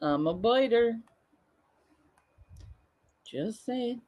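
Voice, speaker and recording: A woman's voice: on the high side, animated, extremely slow, darkish tone. A woman hosting a casual livestream, joking and swearing freely as she chats with viewers. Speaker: livestream host.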